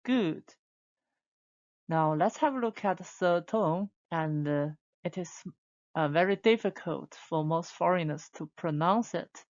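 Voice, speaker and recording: A woman teaching a beginner Chinese lesson, modelling sounds slowly for learners to repeat. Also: fairly low pitch, lively intonation, darkish tone, dull audio. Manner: slow, drawn-out demonstration sounds for repeating. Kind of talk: online language lesson.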